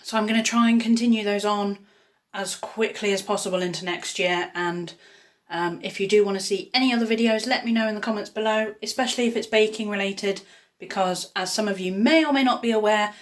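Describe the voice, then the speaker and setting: Brief: woman, home cooking vlogger, chatty and upbeat, mid-pitched voice, talking while she cooks in her kitchen. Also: a little fast. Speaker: YouTuber baking at home. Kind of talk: casual cooking vlog.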